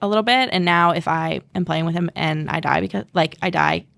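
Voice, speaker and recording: A woman's voice: lowish voice, a little fast, gravelly, a bit bright, dry recording. A young woman talking as a podcast guest, chatty and full of fillers, acting out what others said. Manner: chatty, many fillers, acts out quotes. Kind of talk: casual chat.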